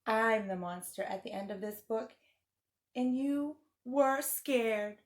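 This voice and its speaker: A woman's voice: on the high side, slow, reverberant. A woman reading a picture book aloud and voicing a furry, anxious monster who pleads and frets. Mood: relieved. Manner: frantic, pleading, excitable.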